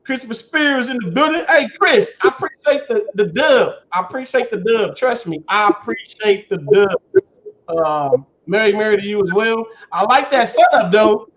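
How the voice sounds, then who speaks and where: Laid-back high-voiced man hosting a livestream. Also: lively intonation, moderate pace, fairly bright tone. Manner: loose, laughing, greets viewers by name. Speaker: livestream host. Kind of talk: casual livestream chat. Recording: dull lo-fi stream audio.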